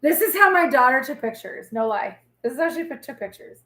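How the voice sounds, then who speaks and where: A woman's voice: high-pitched, very animated, a little fast, sharp tone, echoey room. A woman in her forties hosting a casual live tarot reading, chatty, blunt and reassuring as she talks straight to viewers.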